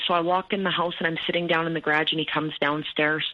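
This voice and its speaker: A woman's voice: sits low, flat delivery, fast talker, muffled recording. A woman recounting a painful personal story in an interview, tense and detailed, often quoting what was said. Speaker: abuse survivor guest.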